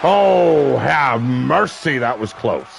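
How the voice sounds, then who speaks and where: A man calling a wrestling match play-by-play, brash and crude, with sudden shouted bursts of excitement. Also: mid-range voice, takes it slowly, vocal fry, background noise. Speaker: wrestling commentator. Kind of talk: play-by-play commentary. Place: seated at a ringside commentary table.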